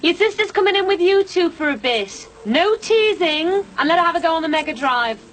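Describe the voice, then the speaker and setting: An actress playing a brisk, chatty mother in a TV soap. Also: extremely high pitch, animated. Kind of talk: 1990s TV soap acting.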